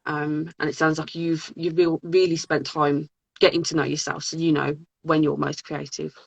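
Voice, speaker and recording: A woman's voice: sits low, little pitch movement, normal speed, vocal fry, slightly rough. A woman hosting a live writing interview on a video call, listening closely and murmuring agreement. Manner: warm listener, lots of soft agreement sounds. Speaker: host. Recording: muffled lo-fi call audio.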